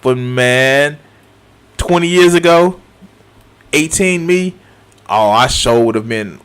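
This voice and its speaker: A man's voice: medium pitch, takes it slowly, pauses often, fairly bright tone, smooth. A man in his thirties giving a casual reaction commentary, swearing often, laughing and repeating himself. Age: 30s. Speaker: streamer reacting to a video.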